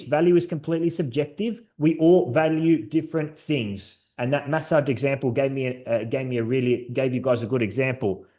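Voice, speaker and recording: A man's voice: a little high, a little mellow. Upbeat man leading a team training call. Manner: upbeat, encouraging, storytelling. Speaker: sales trainer presenting to a team. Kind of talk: live online training session.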